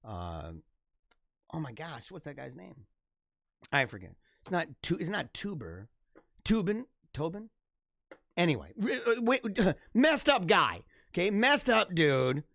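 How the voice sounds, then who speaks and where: Energetic rambling man on a livestream. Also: on the high side, unhurried, creaky, pauses often, dry recording, studio quality. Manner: rambling, energetic, laughs often. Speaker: livestream host. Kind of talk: casual live-stream chat.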